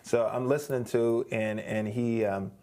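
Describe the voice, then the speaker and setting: A man's voice: medium pitch, steady tone, measured pace, dark tone. A middle-aged man, a guest on an interview show, animatedly telling a story, acting out quoted voices, with frequent restarts.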